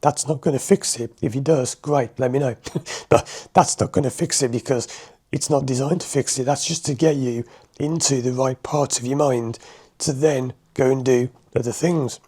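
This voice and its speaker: A man's voice: medium pitch, steady tone, moderate pace, mellow, slightly rough. A man, a hypnotherapist, explaining his sessions to viewers in a chatty, conversational way, laughing often. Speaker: hypnotherapist and driving instructor. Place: a room in his home.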